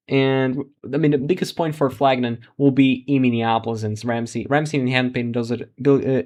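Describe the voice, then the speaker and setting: A man's voice: mid-range voice, darkish tone. A man hosting a live election results stream, thinking aloud as vote counts come in, often restarting sentences and laughing at surprises. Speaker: election livestream host.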